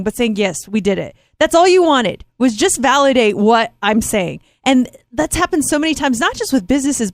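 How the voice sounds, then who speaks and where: A woman co-hosts a talk show, and she reassures her co-host in a casual way. Her voice is high and swings widely in pitch. The close studio sound is dry. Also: no echo.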